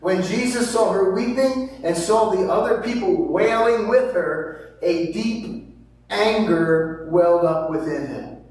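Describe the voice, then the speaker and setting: A male pastor preaching a sermon and reading scripture, emphatic and quick to drop into hushed asides, asking rhetorical questions. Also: high-pitched. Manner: emphatic, swings between loud stresses and hushed asides. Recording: very echoey hall from far off.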